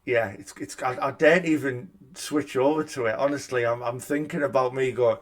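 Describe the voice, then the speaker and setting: A man's voice: medium pitch, fairly even intonation, fairly quick. Chatty self-mocking man. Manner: chatty, self-deprecating, many restarts. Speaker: gaming YouTuber. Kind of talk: casual reaction vlog. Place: room at home by a window. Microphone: desk microphone.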